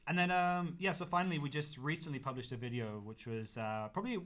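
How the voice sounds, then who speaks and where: A young man, co-hosting a podcast, telling animated stories and laughing often. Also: a little high, fast. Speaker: podcast co-host. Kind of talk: casual chat.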